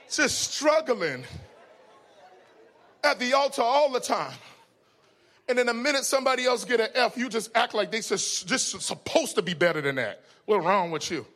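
A male preacher with a strikingly high voice delivers a sermon full of funny stories. His tone is bright and forceful. He jumps from near-shouted punchlines to soft, hushed asides. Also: measured pace, long pauses, some chatter behind. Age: adult with children. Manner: animated, swings from loud exclamations to hushed asides. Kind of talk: sermon with humorous storytelling.

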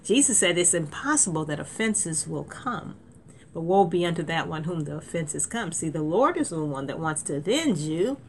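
A woman's voice: sits low, lively intonation, normal speed, a little hiss or hum. A woman preaching a sermon in a conversational way, with restarts and sudden emphatic lifts.

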